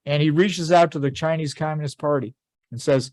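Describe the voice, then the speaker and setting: A man teaching a history class, telling events as a lively story and quoting people in a casual voice. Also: a little high, normal speed, dry recording. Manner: animated storytelling, quoting figures in plain conversational voice. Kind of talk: informal history lecture.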